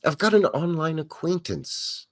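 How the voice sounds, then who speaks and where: A man's voice: fairly high pitch, a little slow. A middle-aged man hosting a livestream, rambling casually and greeting viewers from the chat by name. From Canada. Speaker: livestream host. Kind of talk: casual live commentary over old footage.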